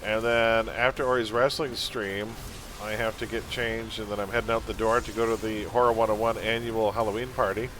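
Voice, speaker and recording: A man's voice: lowish voice, little pitch movement, fairly quick, music in the background. A man chatting casually on a live game stream, rambling and opinionated, often calling his viewers folks. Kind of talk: casual gaming stream chat.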